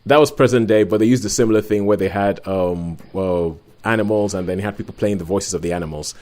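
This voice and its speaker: A man co-hosting a film podcast, setting up a movie in a chatty, joking way with quick asides. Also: lowish voice, darkish tone. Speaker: podcast co-host. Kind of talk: casual film review chat.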